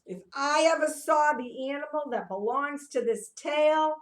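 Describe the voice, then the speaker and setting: Speaking at normal speed in a high voice with hardly any pauses, this woman is a children's movement teacher. She guides young kids through an interactive read-aloud, drawing them in with questions and sing-song chants.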